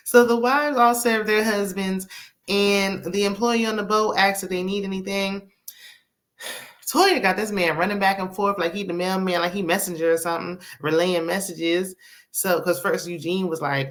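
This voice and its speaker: A woman's voice: medium pitch, fairly even intonation, a little slow. A woman recapping a reality show in a casual, sassy way, laughing often and tossing in "okay?" and "honey". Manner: laughs often while talking.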